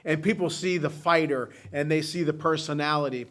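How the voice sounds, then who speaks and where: Co host guy telling an emotional story, rambly, slightly high voice. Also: fairly quick, a bit bright. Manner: rambling, heartfelt.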